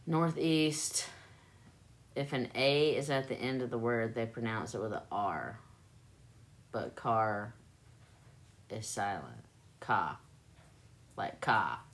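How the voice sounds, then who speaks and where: This South Carolina woman has a bass voice, animated but slow, with long pauses. Hosting a livestream in her Southern accent, she keeps things laid-back and playful, repeating words to test the way she says them.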